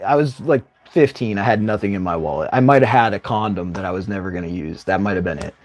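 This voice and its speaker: A man's voice: lowish voice, quick pace, hardly any pauses, darkish tone, soft background music. A man hosting a live stream, telling a story in a casual, rambling way and often tagging his lines with "right?". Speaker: livestream host.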